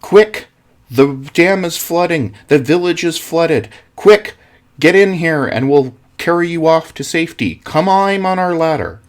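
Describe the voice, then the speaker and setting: A man voicing a helicopter rescuer who shouts urgent orders down through a megaphone. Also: a little high, animated, unhurried, voice pushed up.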